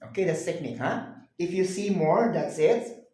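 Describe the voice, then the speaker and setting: In a very echoey room, a male tutor patiently drills a student on grammar rules one-on-one, repeating the answers back. His voice is high with a darkish tone, and he speaks at a moderate pace.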